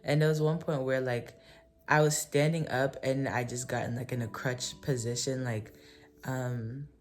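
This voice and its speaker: A woman's voice: very deep voice, fairly even intonation, normal speed, a little mellow. A woman vlogger telling a personal story in a casual, rambling way, full of "like" and "um" and frequent self-corrections. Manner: rambling, filler-heavy, often self-correcting.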